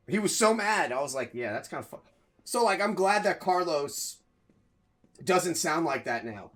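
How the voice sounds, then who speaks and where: A man streaming a video game from home, chatting casually with viewers, excitable and swearing freely, breaking into loud outcries. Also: fairly high pitch, moderate pace. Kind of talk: casual live-stream chat.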